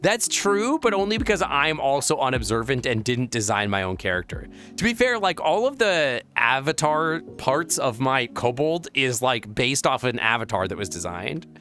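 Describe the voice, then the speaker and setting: A playful young man talks loosely on a live stream, rambling through viewer messages. His pitch bounces all over the place and keeps jumping into squeaky high exclamations. Faint music plays underneath. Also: big pitch swings, normal speed, hardly any pauses, pushed and bright. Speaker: VRChat streamer.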